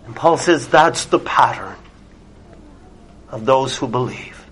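Slow, emphatic male preacher. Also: mid-range voice, lively intonation, slight background noise. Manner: deliberate, emphatic, drops very soft on key words. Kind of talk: sermon. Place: church with a small congregation.

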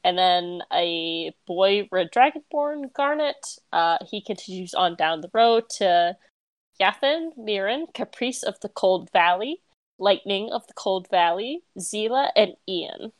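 A woman runs a tabletop game as game master and narrates in a lively, chatty manner. Her voice sits at a middling pitch. The recording is close and dry. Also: measured pace, no room sound. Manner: lively, chatty, with laughs and fillers.

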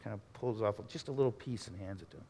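A man preaching a sermon, telling a story dramatically and swinging from near-shouts to hushed murmurs. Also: on the low side, fast, big-room sound. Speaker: pastor.

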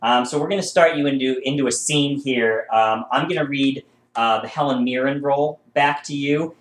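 A man playing a casting director who talks in a halting, earnest way full of fillers. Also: medium pitch. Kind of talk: comedy audition sketch. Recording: roomy echo with faint ambience.

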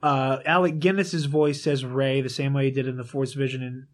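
A man talking in a casual group chat, animated and swearing freely as he retells stories and reads out lines. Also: medium pitch, moderate pace. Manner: animated, swearing, quotes lines in dramatic voices.

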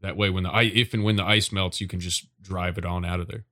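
Low-voiced joking podcast man. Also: fairly even intonation, quick pace, pushed and bright, no echo, clean studio sound. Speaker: podcast co-host. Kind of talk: casual chat.

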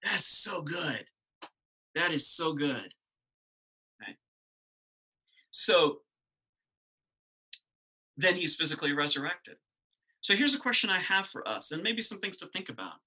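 A middle-aged man preaching in a lively, conversational way, throwing questions out to his listeners. His voice is husky and very bright, and it sits fairly high for a man. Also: a little slow, pauses often, rough recording. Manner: animated, conversational, asks the congregation questions. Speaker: pastor. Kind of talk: sermon.

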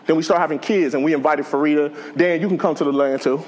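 A man's voice: fairly high pitch, fast talker, few pauses. A man preaching a sermon in a conversational, joking way to a church congregation. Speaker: pastor.

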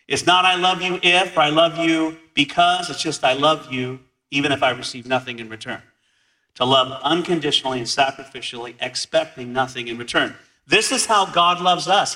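A man preaching a sermon as a pastor, earnest and measured, slowing down on key words. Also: medium pitch, sharp tone. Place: large church hall. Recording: echoey hall from far off.

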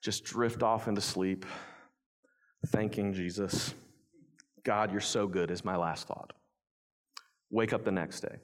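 A young man preaching a sermon as pastor, telling a story in quick run-on clauses, then turning quiet and earnest to lead communion. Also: fairly low pitch, fairly even intonation. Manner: quiet, earnest near-whisper leading communion. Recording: long hall reverb.

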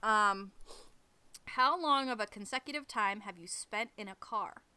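Recorded behind a garage outdoors, this northern US woman co-hosting a laid-back podcast is giggly, laughing often and using plenty of fillers. She speaks at medium pitch and a little slowly, with a sharp yet smooth tone.

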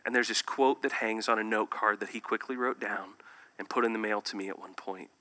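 Bright-voiced male preacher, loud and hushed. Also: fairly low pitch, fairly even intonation, a little fast. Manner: swings between loud emphasis and hushed near-whispers. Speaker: pastor. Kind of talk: sermon.

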